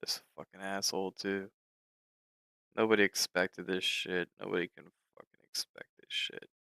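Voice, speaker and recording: A young man commenting on his trading during a live stream, frustrated and swearing in drawn-out outbursts. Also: deep voice, little pitch movement, creaky, sharp tone, clean tone, no room sound, rough recording. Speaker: livestreaming futures trader.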